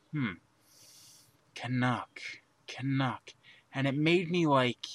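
A man's voice: medium pitch, pushed and bright, no echo. A man co-hosting a crude comedy chat, bantering in a goofy way. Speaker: podcast co-host.

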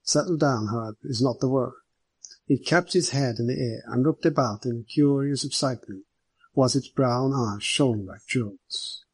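A man narrating a mystery novel in a measured, even storytelling manner. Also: medium pitch, husky, dry recording. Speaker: audiobook narrator.

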